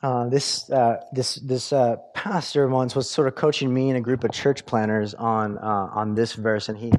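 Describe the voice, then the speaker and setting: A man's voice: mid-range voice, steady tone, normal speed, a little mellow. A man preaching a sermon in a conversational way, with lots of fillers and restarts. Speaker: pastor.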